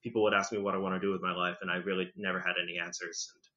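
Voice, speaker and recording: Bright man with a slight British tinge. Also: low voice, flat delivery. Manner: rambling, filler-heavy, quick to laugh. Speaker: podcast guest. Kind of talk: casual conversational storytelling. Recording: slightly muffled lo-fi recording.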